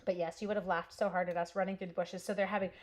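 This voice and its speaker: A woman's voice: on the low side, little pitch movement, racing. A woman in her forties from Canada hosting a casual live stamping stream, telling a long story while cutting paper and answering viewers by name.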